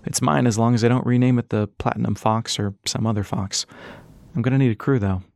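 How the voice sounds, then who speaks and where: A man voicing Ras, an earnest, battered young man in an audiobook, explaining calmly. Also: mid-range voice, brisk, gravelly, no room sound, clean studio sound, natural voice.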